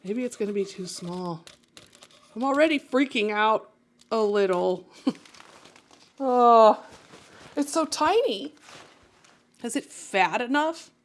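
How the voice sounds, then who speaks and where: A woman painter talking casually to viewers as she works, chatty and self-mocking, often laughing at herself. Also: medium pitch.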